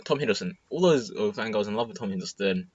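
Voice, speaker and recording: A teenage boy giving an excited, rambling movie review full of fillers and restarts. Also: fairly low pitch, fast, slightly rough, dry recording, highs cut off. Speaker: student vlogger. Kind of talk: casual movie review monologue.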